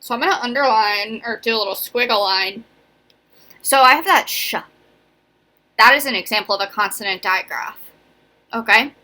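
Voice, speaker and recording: A young woman, an elementary school teacher, gives a casual phonics lesson on video in a chatty, encouraging way, often checking in with "right?" and "okay?". Her voice sits on the high side and sounds sharp. She speaks at a moderate pace and pauses often.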